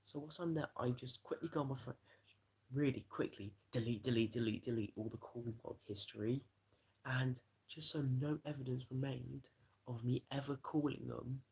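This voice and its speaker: Gravelly, husky man telling stories. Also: medium pitch, steady tone, normal speed, a little mellow. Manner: rambling, profane anecdote-telling. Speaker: livestreamer. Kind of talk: casual storytelling to a live chat.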